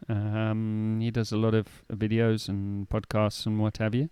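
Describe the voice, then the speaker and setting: Smooth, low-voiced male podcast co-host. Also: completely flat delivery, dark tone, no echo. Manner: explains words slowly with definitions and quotes. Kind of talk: casual chat about word meanings.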